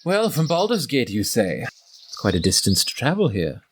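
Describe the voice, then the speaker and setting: A man's voice: mid-range voice, wildly swooping pitch, moderate pace, a little hiss or hum. A man voicing a scornful, impatient male tiefling cultist who talks down to others. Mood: suspicious. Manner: sneering, condescending.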